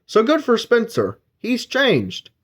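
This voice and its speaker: A man with a very high voice speaks slowly, his pitch swooping wildly. He's giving a casual spoken book review, rambling through the plot with filler words and briefly acting out characters' lines.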